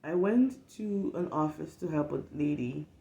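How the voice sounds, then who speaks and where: A young woman from West Africa telling a casual storytime rant as a vlogger, animated and profane, acting out what people said. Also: low voice, unhurried, vocal fry, echoey room. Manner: animated, profane, emphatic, acts out quotes.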